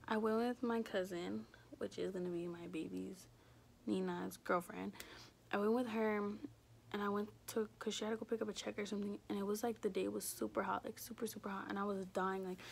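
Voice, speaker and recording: Gravelly young woman rambling casually. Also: mid-range voice, darkish tone, slight background noise. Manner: rambling, says "like" constantly, swears casually. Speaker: vlogger. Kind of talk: casual storytelling.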